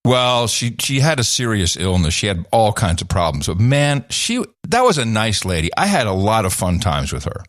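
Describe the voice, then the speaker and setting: A middle-aged man co-hosting a podcast, telling stories in lively casual chat with many restarts. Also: lowish voice, normal speed, hardly any pauses, dry recording, clean studio sound. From Netherlands. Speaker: podcast co-host.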